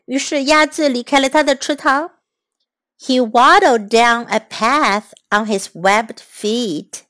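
A woman reading a children's story aloud, switching between English and Chinese lines, slow, clear and patient. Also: fairly high pitch, fairly bright tone.

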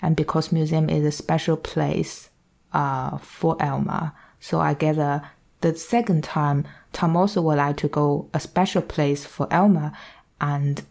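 A woman's voice: low voice, steady tone, a little slow, vocal fry, darkish tone. A woman giving a reflective, thoughtful analysis of a story, weighing her words as she goes.

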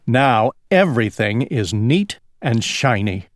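A man voicing a tidy farmer's wife who loves cleaning, reading in a brisk, fussy way. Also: medium pitch, big pitch swings, dry recording, studio quality.

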